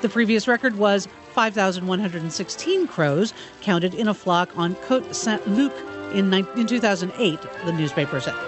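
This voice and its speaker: A man co-hosting a radio show, reading news items and chatting with halting restarts. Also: sits high, music in the background. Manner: halting, stumbling restarts in chat.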